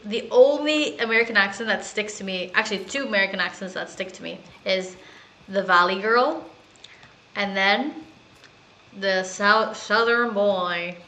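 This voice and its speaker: A woman's voice: mid-range voice, unhurried, bright, forceful tone, low-quality recording. A woman chatting casually and giggling as she plays a video game. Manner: chatty, giggly, self-mocking. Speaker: gaming streamer. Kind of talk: casual gameplay commentary.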